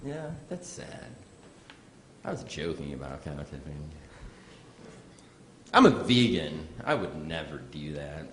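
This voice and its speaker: A man performing a stand-up comedy set on stage, telling stories with lively asides to the audience. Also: very deep voice, takes it slowly, long pauses. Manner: animated storytelling, audience asides. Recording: roomy live venue sound.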